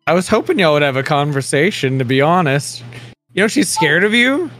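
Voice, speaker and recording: A woman's voice: sits low, big pitch swings, fairly quick, fairly bright tone, dry recording, soft background music. A woman player in a tabletop game, chatting in a teasing, laid-back way. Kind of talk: casual chat.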